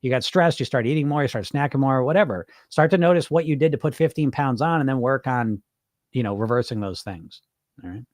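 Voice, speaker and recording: A man's voice: medium pitch, a little fast, a little mellow, dry recording, clean studio sound. A middle-aged man coaching on weight loss in a loose, rambling live-stream chat, swearing casually and restarting his sentences.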